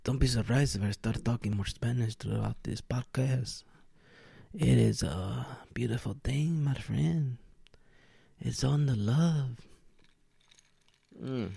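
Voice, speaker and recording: Gravelly-voiced tipsy man, podcast host. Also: medium pitch, expressive, a little slow, mellow, dry recording. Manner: loose, rambling, laughs often. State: a bit tipsy from tequila. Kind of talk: casual solo podcast chat. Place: at home, recording alone. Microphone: podcast mic with camera setup.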